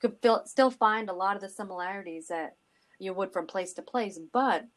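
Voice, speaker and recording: A woman's voice: mid-range voice, a little fast. A middle-aged woman co-hosting a casual podcast chat, telling stories animatedly with frequent asides. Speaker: podcast co-host.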